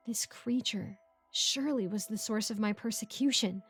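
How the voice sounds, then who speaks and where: A woman reading a first-person horror story aloud in a measured, steady scripted narration. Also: a little high. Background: background music.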